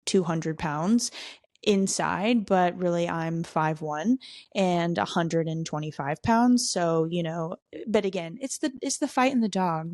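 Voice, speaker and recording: A woman's voice: fairly low pitch, a little mellow, dry recording, studio quality. A young woman hosting a podcast, telling a wild personal story in a candid, profane, self-mocking way. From southern United States. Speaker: podcast host. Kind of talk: casual storytelling.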